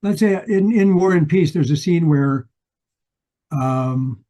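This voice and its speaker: Older guy rambling thru a story on a book podcast, mellow kinda high voice, muffled audio. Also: slow pace. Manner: rambling storyteller with many restarts. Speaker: podcast co-host. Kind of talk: casual book discussion.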